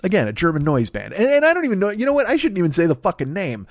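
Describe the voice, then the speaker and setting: A man's voice: sits high, huge pitch swings, racing, no echo. A middle-aged man hosting a comedy podcast, delivering a rambling, sarcastic, profane monologue. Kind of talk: stand-up style monologue.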